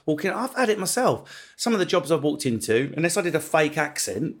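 A man's voice: a little high, sing-song, brisk. Essex guy hosting a podcast, earnest, trips over his words, swears a bit. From England. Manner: earnest, stumbling restarts, blunt swearing. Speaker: podcast host. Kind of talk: candid podcast conversation.

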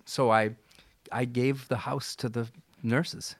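Halting, emotional middle-aged man in a dry room. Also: mid-range voice, steady tone, dry recording. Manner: halting, emotional, restarts often. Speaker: guest. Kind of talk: candid conversation.

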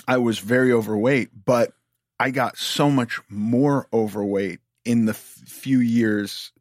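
Relaxed man chatting about his past. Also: mid-range voice, unhurried, dry recording, clean studio sound. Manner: relaxed, conversational, loosely phrased. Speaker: actor. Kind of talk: casual interview chat.

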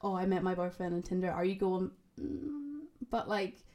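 A woman's voice: fairly low pitch, little pitch movement, fast, warm tone. A young woman, chatting casually on a podcast and telling stories full of "like". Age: 20s. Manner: chatty storyteller, heavy use of "like".

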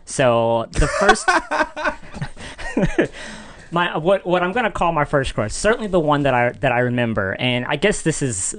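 A young man, a podcast guest, telling a story in casual chat, animated, jumping into high dramatic voices for the people in it. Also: a little slow, long pauses.

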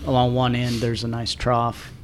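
A man with an average-pitched voice joins a relaxed podcast conversation. He jokes around and often talks in short, offhand bits. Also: moderate pace, slight background noise. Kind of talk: casual podcast chat.

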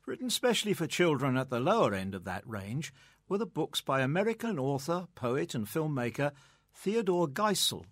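A man's voice: on the high side, sing-song, normal speed, fairly bright tone, dry recording, clean studio sound. A man presenting a scripted segment in an informative manner, with faint music underneath. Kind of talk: scripted narration.

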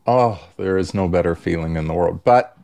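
Older man, therapist guest, lowish pitch, direct, plain-spoken, casual chat. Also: steady tone, a little fast, gravelly, darkish tone. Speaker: social worker and therapist guest.

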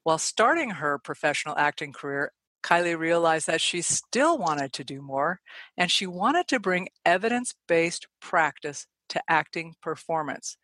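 A woman hosting a podcast, reading a guest introduction and then asking questions, eager and quick. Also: sits low, lively intonation, fairly bright tone, no echo. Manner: enthusiastic, quick, admiring. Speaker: podcast host.

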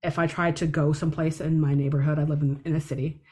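A woman's voice: deep voice, level tone, fast talker, a little mellow. A woman co-hosting a podcast in casual chat, talkative, with dry humor and frequent swearing. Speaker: podcast co-host. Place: city.

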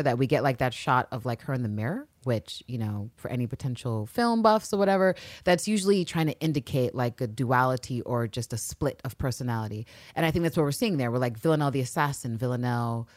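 Low-voiced woman podcaster recapping excitedly. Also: no echo, studio quality. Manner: animated, acts out characters' lines in quick voices. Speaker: podcast co-host. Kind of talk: casual fan recap chat.

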